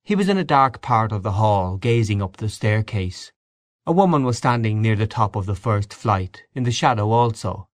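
A man giving a measured, expressive audiobook narration of a story. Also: on the low side, no echo. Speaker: audiobook reader. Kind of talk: scripted narration.

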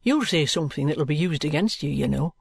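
A man playing a shrewd police detective, speaking in a cool, deliberate, coaxing way. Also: on the high side, no room sound, lightly acted. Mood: firm. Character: shrewd, calm male police detective, firm and patronising.

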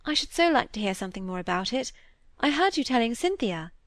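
A woman's voice: on the high side, big pitch swings, brisk, dry recording, voice pushed up. A woman voicing a shy, sincere young woman who speaks earnestly and a little wistfully, in an audiobook reading.

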